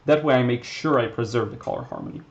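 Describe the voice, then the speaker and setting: This watercolor instructor, an Israeli-accented native Hebrew speaker, talks fast in a gravelly, medium-pitched voice on a muffled recording. Fielding chat questions during a casual livestream lesson, he muses out loud in an easygoing way, stumbling through fillers and restarts.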